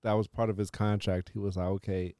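A man's voice: lowish voice, little pitch movement, dark tone, clear, resonant tone, no echo, studio quality. A man co-hosting a casual podcast, joking with friends and rattling off sponsor reads. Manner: joking, reads sponsor ads in a quick list. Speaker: podcast co-host.

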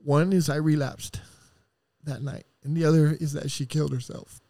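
A middle-aged man, a podcast guest, telling a painful personal story in a raw, profane and heartfelt way, with sighs and halting restarts. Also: fairly high pitch, steady tone, warm tone, no room sound.

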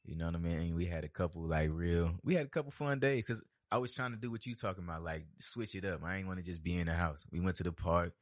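A man co-hosting a podcast, talking in relaxed, unhurried, slangy casual chat. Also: low-pitched. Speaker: podcast co-host.

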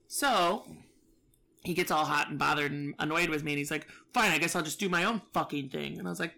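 A woman's voice: sits low, brisk, gravelly, sharp tone. A woman telling a story in casual chat, profane and exasperated, acting out both sides.

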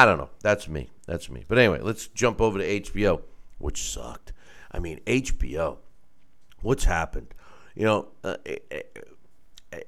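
Blunt man with a smooth low voice. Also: fairly bright tone. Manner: blunt, opinionated. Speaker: boxing commentary host. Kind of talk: casual opinionated commentary.

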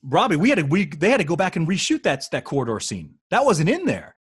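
Male podcast co-host, husky voice, dry recording, lively storyteller. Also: fairly high pitch, fast talker, no room sound. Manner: animated storyteller, acts out quoted lines. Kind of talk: casual chat.

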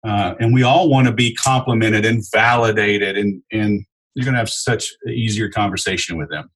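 Animated husky-voiced man telling sales stories. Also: fairly low pitch, normal speed, rough recording. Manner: animated storyteller, acts out customer dialogue. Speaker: sales expert guest. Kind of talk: podcast interview.

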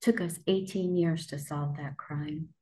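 Slow, low-voiced woman podcast host. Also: steady tone, dark tone, poor audio. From New York. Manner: slow, measured storytelling. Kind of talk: conversational interview.

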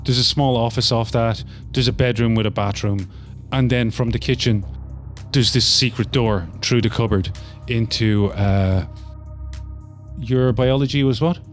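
A man narrating as game master of a tabletop game, relaxed and full of fillers. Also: medium pitch, measured pace, faint music behind.

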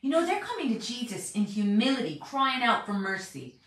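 A woman preaching a chatty, animated Bible teaching, often acting out what people say. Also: a little high, a little fast. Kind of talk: sermon. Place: large echoey room. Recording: very echoey hall, mic distant.

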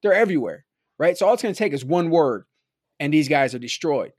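Recorded dry with studio quality, a Milwaukee man appearing as a podcast guest speaks in a slightly high, animated voice at a somewhat fast clip. His casual storytelling wanders, and "like" and "right?" keep popping up.

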